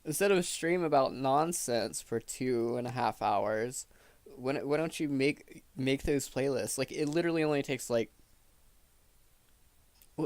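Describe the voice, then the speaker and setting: A man's voice: a little high, clean tone, dry recording. A man co-hosting a stream, sarcastic and exasperated, swearing in casual chat. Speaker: stream co-host.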